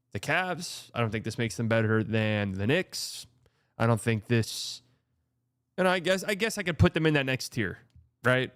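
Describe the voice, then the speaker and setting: A man's voice: medium pitch, fairly bright tone, smooth, dry recording, clean studio sound. A man hosting a casual sports commentary show, sarcastic and blunt, swearing freely. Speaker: host.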